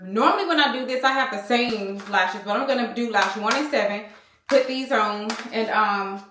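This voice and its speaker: A woman's voice: a little high, moderate pace, bright, forceful tone, roomy sound. A woman in her thirties chatting to her viewers as a beauty vlogger, rambling casually and calling them y'all. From United States. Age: 30s. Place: room at home. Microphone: small handheld camera.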